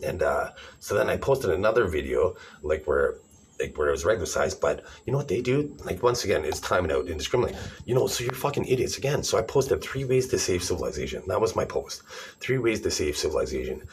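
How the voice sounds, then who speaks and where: A man's voice: low voice, noisy background. A man ranting in a rambling, sarcastic, profane monologue to camera, calling people idiots. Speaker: vlogger.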